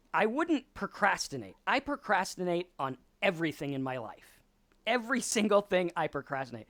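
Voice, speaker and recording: Standing at a whiteboard, a podcast host walks through sobriety concepts like a relaxed lecturer, performing quoted voices as he goes. He sounds high and slightly bright, recorded with no room sound.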